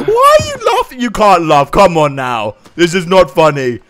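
A young man giving excitable gameplay commentary, yelling, laughing and reacting loudly. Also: high-pitched, very noisy. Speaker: gaming commentator. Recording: game music and sounds behind.

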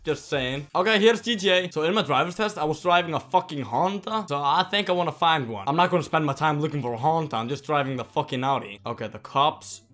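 A young man from Iceland with an Icelandic accent, telling a storytime while playing a game, excitable and swearing a lot as he yells at the game. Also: fairly high pitch, fast talker, hardly any pauses, soft background music. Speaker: vlogger. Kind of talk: storytime over gameplay commentary.

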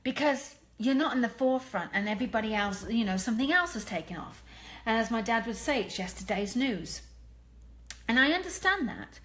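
A woman's voice: on the high side, animated, brisk, fairly bright tone. An English woman giving an earnest, emphatic live talk to fans, blunt and candid, with some mild swearing. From England. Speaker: medium and clairvoyant. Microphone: phone or webcam.

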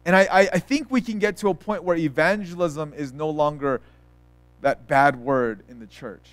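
A man's voice: a little high, normal speed, dry recording. A young adult man preaching a casual sermon as pastor, telling personal stories with lots of restarts and acted quotes.

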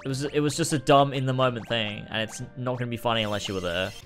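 A man streaming a game, reacting casually and excitably, swearing and laughing often. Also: mid-range voice, quick pace, soft background music.

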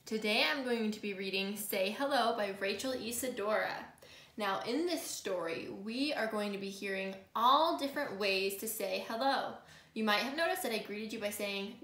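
A woman teacher reading a picture book aloud to her students, speaking clearly, slowly and expressively. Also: medium pitch, fairly bright tone. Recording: echoey room.

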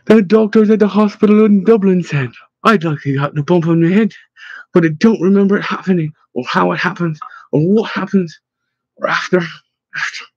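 A man voicing a tearful young woman who has lost her memory, speaking hesitantly and haltingly. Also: on the low side, a little mellow, slightly rough, dry recording. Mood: shaken. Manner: hesitant, faltering. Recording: slightly dull, dry recording.

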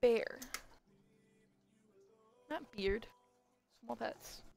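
A woman's voice: a little high, very slow, vocal fry, a little mellow, soft background music. A young woman streaming a game live, chatting casually with viewers, giggling and stumbling over her words. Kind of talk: casual live-stream chat while gaming.

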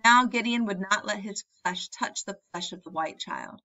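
Bright-voiced woman reading an audiobook. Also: medium pitch, moderate pace, dull audio. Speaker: audiobook narrator.

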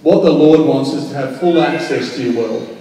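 A male pastor, preaching a lively sermon, acting out voices in his quotes with frequent "um"s. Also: a little high, normal speed, a little hiss or hum. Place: large church hall. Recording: echoey church hall from far off.

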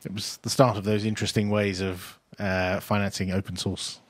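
A man's voice: on the low side, moderate pace, no echo. A British man co-hosting a podcast, chatting casually with fillers and frequent laughs. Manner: relaxed, laughs often, trails off with fillers. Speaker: podcast co-host. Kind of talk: casual panel chat.

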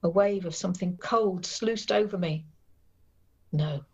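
Woman author reading her book then chatting, even tone, muffled recording. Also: mid-range voice, moderate pace, breathy edge. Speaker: novelist guest. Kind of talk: reading aloud then interview. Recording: dull lo-fi recording.

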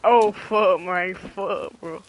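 A woman chatting casually while playing a game with a friend, swearing and teasing, with sudden loud outbursts. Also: lowish voice, extremely slow, background noise. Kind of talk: casual gaming chat.

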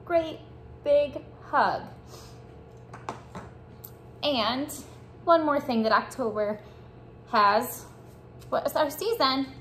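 A woman teaching young children a morning lesson, speaking slowly and encouraging them to repeat after her. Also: sits high, a bit bright, slight background noise. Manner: slow, encouraging call-and-response teaching. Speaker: preschool teacher.

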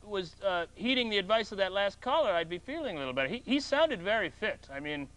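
Guy doing a fake talk show, deadpan, high bright voice. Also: fast talker. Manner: deadpan, mock-earnest. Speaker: host of a comedy call-in show.

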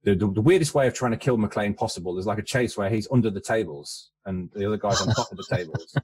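A man with a fairly low voice chats about an action film on a podcast. He speaks in halting bursts and repeats little words before finding his point. The delivery is casual and conversational. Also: a little mellow, a little hiss or hum. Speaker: podcast co-host.

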